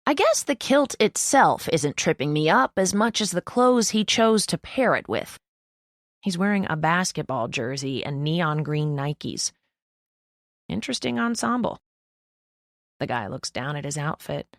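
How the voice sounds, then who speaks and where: A young woman narrating an audiobook in the first person, with wry, deadpan asides, close to the mic. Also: sits low, unhurried, no room sound.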